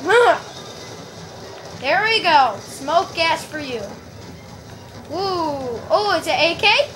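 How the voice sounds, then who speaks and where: Super high squeaky lady gamer, bouncy voice, yelling at the game, noisy gameplay behind. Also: slow. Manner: excitable, yells and squeals at the game. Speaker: gameplay video maker. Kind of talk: live gameplay commentary. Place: at home playing a video game.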